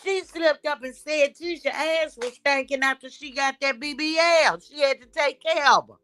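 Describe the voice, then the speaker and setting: A woman hosting a casual chat, blunt and animated as she gossips. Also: high voice, normal speed, no room sound, faint music behind. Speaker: show host.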